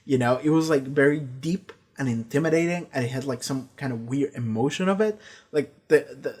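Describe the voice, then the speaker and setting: A man giving a casual, rambling review of a TV season, swearing freely and retelling scenes with quick quoted lines. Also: mid-range voice, darkish tone, breathy edge. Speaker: show reviewer.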